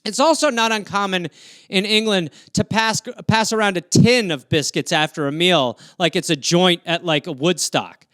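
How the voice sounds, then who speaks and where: A man's voice: high-pitched, moderate pace, fairly bright tone, no echo. A man from Wisconsin riffing through silly prompts on a livestream, playfully dropping into comic voices. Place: home, livestream. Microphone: phone or webcam.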